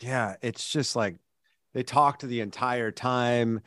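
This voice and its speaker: A man's voice: mid-range voice, takes it slowly, a bit bright, no echo, studio quality. A man, a podcast co-host in casual chat, who rambles through stories and fills them with "like". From California. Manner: rambling storyteller, heavy use of "like".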